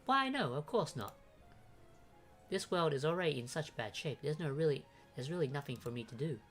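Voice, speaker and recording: A sly, haughty servant woman, read aloud by a man for a fan dub of a game, aloof and dismissive. The voice is bright and forward, with faint music playing underneath. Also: a little high, animated, brisk. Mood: coy.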